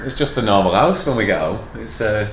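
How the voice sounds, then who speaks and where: A man's voice: lowish voice, expressive, fairly quick, background noise. A man with a broad Manchester accent, a stand-up comedian chatting as a podcast guest, swearing freely and laughing often. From Manchester, England. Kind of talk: casual podcast chat. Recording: roomy echo, faint ambience.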